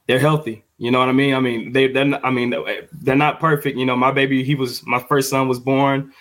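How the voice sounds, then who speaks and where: A young man co-hosting a podcast as a father, talking in a heartfelt, halting way with many fillers and repeated words. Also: mid-range voice, flat delivery, a bit bright. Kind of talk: heartfelt casual podcast talk.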